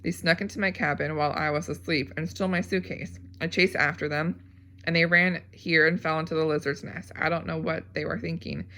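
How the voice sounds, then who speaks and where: A woman's voice: low-pitched, fairly even intonation, brisk, pushed and bright. A woman playing a cold, scheming warden. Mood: defensive.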